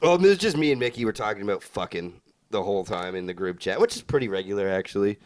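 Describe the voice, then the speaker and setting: A man's voice: lowish voice, sing-song, quick pace. A young man co-hosting a casual podcast, rambling through his drunk stories and mocking himself with plenty of swearing. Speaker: podcast co-host. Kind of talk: casual chat.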